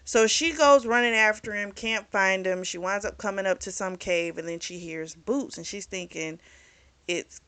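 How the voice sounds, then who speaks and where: A woman's voice: mid-range voice, moderate pace, a bit bright, clear, resonant tone, dry recording. A woman reviewing a book in a casual recap, rambling with plenty of fillers and blunt swearing. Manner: rambling, frank, swears freely, lots of fillers.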